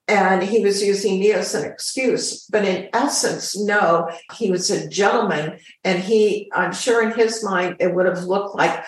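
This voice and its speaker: An older woman, a former flight attendant, telling a story as an interview guest in a chatty, animated way. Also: mid-range voice, unhurried, few pauses, far from the mic. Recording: very echoey room.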